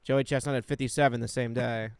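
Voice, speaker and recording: A man's voice: mid-range voice, fairly even intonation, fast, clear, resonant tone. A man with a wry, self-mocking way of talking, chatting loosely with friends around the studio mic. The sound is dry and close, with no room echo. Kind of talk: casual chat.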